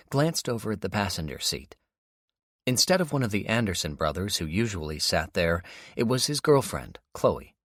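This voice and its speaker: Deep-voiced male audiobook narrator. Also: fairly bright tone, dry recording, clean studio sound.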